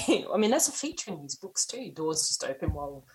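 A woman's voice: sits low, big pitch swings, brisk, husky. A woman co-hosting a casual, joking book chat and laughing often. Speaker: podcast co-host.

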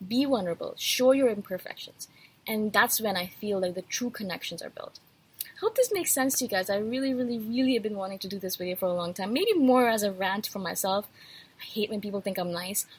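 A woman's voice: medium pitch, brisk, breathy edge, poor audio. A woman podcast host in a casual, blunt rant, speaking candidly and laughing easily, a little feverish. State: slightly feverish.

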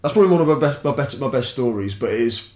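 A man's voice: medium pitch, racing. Sweary young man telling a story. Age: young adult. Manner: sweary, rambling, animated. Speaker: podcast guest. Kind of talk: casual storytelling. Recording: roomy echo.

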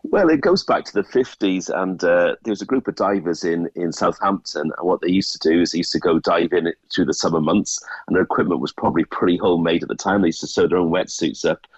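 A man's voice: low-pitched, fast talker, hardly any pauses, breathy edge, no room sound, muffled recording. A man with a Welsh accent, a radio guest chatting casually and explaining things, sometimes repeating words. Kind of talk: casual radio phone chat.

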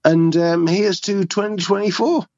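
Gravelly, cheeky man on a dull line. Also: high voice, fairly even intonation, unhurried, darkish tone, no echo. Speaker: voicemail caller. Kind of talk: casual voicemail greeting.

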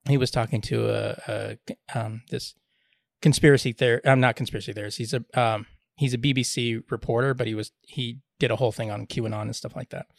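A man's voice: medium pitch, fairly even intonation, fairly quick, creaky, no room sound. Podcast co-host, male, blunt and rambling, dry close-miked sound. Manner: rambling, blunt, many restarts. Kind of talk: casual chat.

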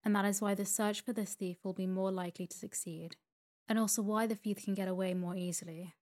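A woman reading the lines of a hopeful gentleman banker who argues with confident reasoning. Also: mid-range voice, fairly even intonation, fairly quick, natural voice.

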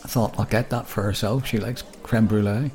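With a steady, slightly mellow lowish voice, this British podcast co-host talks fairly quickly in casual conversation. He wanders, often restarts his sentences, and laughs a lot.

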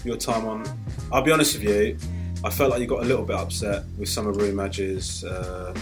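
Man, podcast host, joking questions, music clearly behind. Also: fairly low pitch, steady tone, moderate pace. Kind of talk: casual chat.

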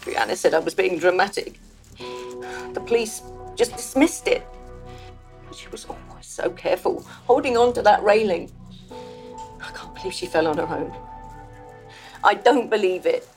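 Grieving British housekeeper, as voiced by an actress, soft and earnest, film drama, lively pitch, faint score underneath. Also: female voice, normal speed, pauses often, faint music behind, natural voice. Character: grieving older woman, former housekeeper. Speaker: film character.

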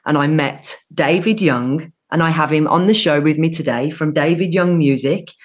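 A woman's voice: deep voice, normal speed. A woman with a Birmingham accent hosting an interview show, speaking in a gushing, emphatic way with frequent restarts. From Birmingham, England. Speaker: podcast host. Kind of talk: effusive interview chat.

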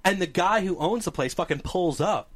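A man co-hosting a podcast spins a story in casual chat, his voice sitting a little high and swinging all over the place. He swears freely and keeps acting out what everyone said. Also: normal speed, background noise. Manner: animated, profane, acts out dialogue with laughs. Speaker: podcast co-host.

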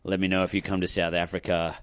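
A sincere, gushing male fan, as a man puts him on in a quiet, lowered voice. He sounds earnest and a little starstruck. The sound is close and dry. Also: flat delivery, quick pace, no echo. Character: earnest adoring male fan leaving voice messages.

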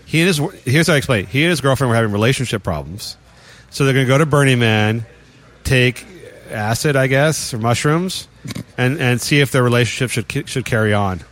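Male podcast host, mid pitch, sardonic ranter who chuckles through it. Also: fairly quick, fairly bright tone. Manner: wry, ranting, laughs often. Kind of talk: casual chat.

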